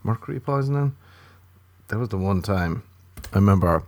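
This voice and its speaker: Low mellow-voiced male comedian rambling. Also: lively intonation, normal speed, no echo. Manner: absurd storytelling with sudden squeaky outbursts. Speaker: stand-up comedian. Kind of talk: rambling improvised comic monologue to listeners.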